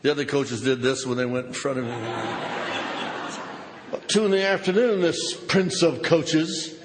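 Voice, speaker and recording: An older man speaking at a recovery conference, telling a wry story that swings from loud outbursts to hushed asides. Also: a little high, steady tone, normal speed. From Southern California. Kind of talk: recovery meeting talk with humor. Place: large conference hall. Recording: reverberant hall, noisy live recording.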